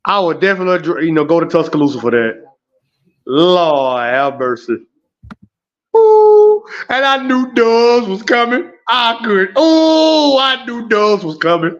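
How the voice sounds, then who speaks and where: Guy ranting on his live stream, high voice, lots of oohs and lord have mercys, muffled lo-fi sound. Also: moderate pace. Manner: animated, exclaiming, laughing and groaning. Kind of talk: emotional live stream commentary. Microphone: home streaming setup.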